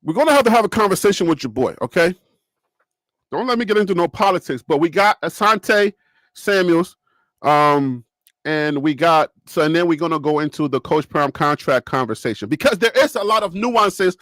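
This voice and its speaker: A high-pitched man hosts a live sports talk stream, chatting casually and laughing often. His voice swings lively up and down, and it sounds dry and close with no room around it. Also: moderate pace, no room sound.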